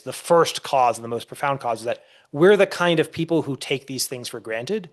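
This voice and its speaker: A man's voice: medium pitch, normal speed. Discursive male historian guest. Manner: discursive, frequent restarts, storytelling. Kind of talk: podcast interview explanation.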